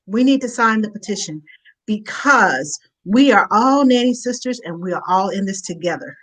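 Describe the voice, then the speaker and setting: A woman hosting an online video call show, chatty and quick to laugh. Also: mid-range voice, fairly bright tone, rough recording. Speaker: host. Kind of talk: casual online chat.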